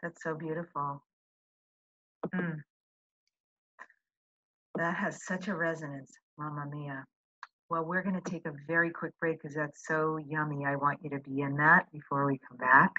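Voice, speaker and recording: Effusive woman podcast host, bright sound. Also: low voice, steady tone, unhurried, long pauses, no room sound, lo-fi sound. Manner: effusive, encouraging. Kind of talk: interview and show promo.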